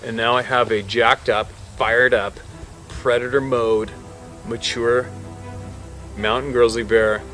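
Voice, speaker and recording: A man working as a hunting guide, telling a wild story in a casual, animated way and swearing freely. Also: lowish voice.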